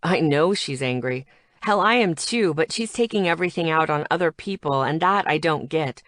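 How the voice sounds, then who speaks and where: A woman voicing a gentle, weary young man in an audiobook, with a soft, low-key delivery. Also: expressive, moderate pace, no room sound, clean studio sound.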